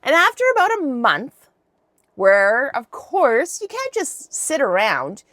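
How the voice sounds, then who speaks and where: A woman's voice: high-pitched, wildly swooping pitch, takes it slowly, sharp tone, dry recording, studio quality. A woman hosting a podcast, retelling a Bible story in a chatty, irreverent, slangy way. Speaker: podcast host.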